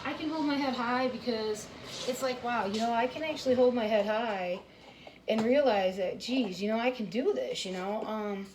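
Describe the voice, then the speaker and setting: A woman's voice: on the high side, normal speed. A woman rambling casually about her gym workouts while she cooks in her home kitchen, with lots of fillers and restarts. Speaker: home cooking vlogger. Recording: kitchen noise with clattering dishes.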